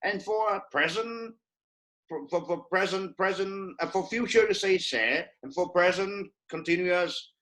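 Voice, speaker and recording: A man with a Vietnamese accent teaching his language in a casual, animated video lesson, often laughing and repeating words as he thinks. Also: high-pitched, a little slow.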